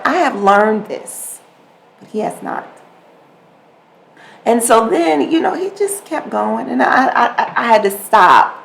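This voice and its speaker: A woman's voice: fairly low pitch, gravelly, a little hiss or hum, low-quality recording. A woman hosting a podcast, telling a household story in casual speech, repeating her words and acting out both sides of a conversation. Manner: animated, repeats words, acts out quoted exchanges. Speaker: podcast host.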